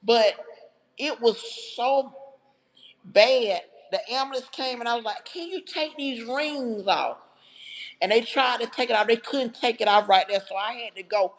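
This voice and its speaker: A woman's voice: a little high, normal speed. A woman hosting a livestream, telling a personal story to her viewers in a heartfelt, chatty way. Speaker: livestream host. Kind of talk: casual livestream storytelling to chat.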